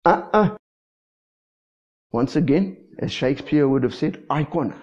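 A man preaching a lively sermon as pastor, often checking in with the congregation. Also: fairly high pitch, a little slow. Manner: lively preaching with frequent call-and-response asides. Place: church. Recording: dull lo-fi church recording.

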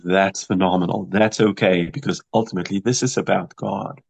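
With a low, slightly rough voice full of vocal fry, a middle-aged South African man, accent touched by American, speaks fairly quickly in a radio interview about his work as a worship producer. Animated and emphatic, he thinks out loud and keeps restarting phrases.

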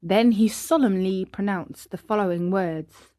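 A woman reading a children's story aloud in a gentle, unhurried way. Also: mid-range voice, no echo, studio quality. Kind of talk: scripted storybook narration.

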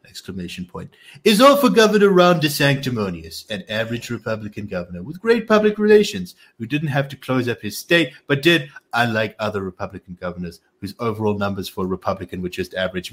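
A man's voice: medium pitch, fairly bright tone. A man voicing a boastful, blustering male politician in a comic impression, reading a statement aloud with bragging claims and mocking nicknames.

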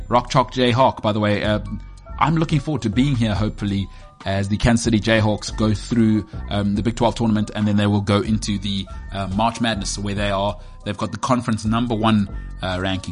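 A man in his thirties with a South African accent, hosting a sports show as a rambling, joking, self-mocking monologue. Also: fairly low pitch. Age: 30s. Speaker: sports podcast host.

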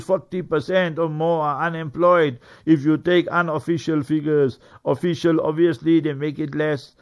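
A man with a somewhat raised pitch teaches like a preacher on the radio. He talks earnestly and leans on key words for emphasis. Now and then he breaks into quick Arabic recitation. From South Africa. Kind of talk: religious talk on Quran verses. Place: radio studio.

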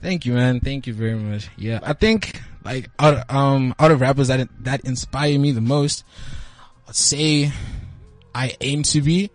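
A teenage boy rapping a freestyle in quick, rhythmic bursts, then chatting with the hosts. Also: mid-range voice, no room sound. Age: teens. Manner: rhythmic, rapid rap delivery. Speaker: guest rapper. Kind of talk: freestyle rap and casual chat. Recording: music playing behind.

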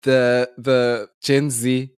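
A South African podcast co-host telling rambling, animated anecdotes in casual chat, laughing along the way. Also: mid-range voice, very slow, smooth, dry recording, clean studio sound.

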